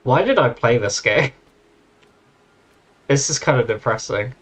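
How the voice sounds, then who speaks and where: A young man playing a game on stream, casually commenting in a puzzled, deadpan way and muttering to himself. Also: mid-range voice, a little slow, slightly rough, soft background music.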